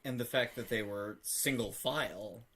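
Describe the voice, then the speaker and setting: A podcast co-host in casual chat, joking and reacting quickly, with casual swearing. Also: medium pitch, crowd noise.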